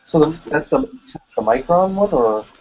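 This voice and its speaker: Curious man asking quick questions. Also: fairly high pitch, sing-song, creaky, darkish tone. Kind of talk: casual live-stream chat. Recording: dull lo-fi audio with faint noise.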